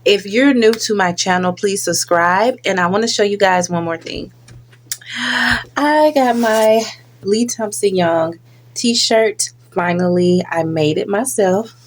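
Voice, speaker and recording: A woman's voice: medium pitch, slow pace. A woman hosting a reaction video, talking casually and earnestly warning her viewers.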